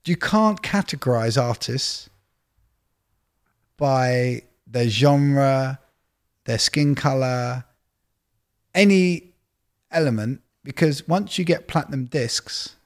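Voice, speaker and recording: Gravelly man telling industry stories. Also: medium pitch, animated. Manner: storytelling, quick anecdotes with quoted dialogue. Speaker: record label executive. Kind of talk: casual sit-down conversation.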